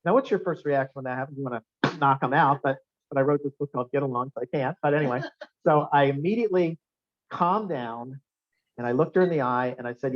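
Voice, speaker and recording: A man giving a seminar talk in a restaurant function room, telling anecdotes in a lively way and quizzing the audience with questions. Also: a little high, brisk. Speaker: guest speaker. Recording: dull lo-fi room recording.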